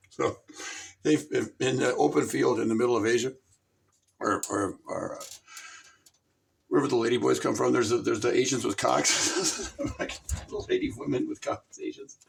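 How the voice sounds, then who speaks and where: A man's voice: mid-range voice, moderate pace, gravelly, pauses often. A man hosting a crude comedy show, rambling profanely, laughing at his own jokes and jumping between silly voices. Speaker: host.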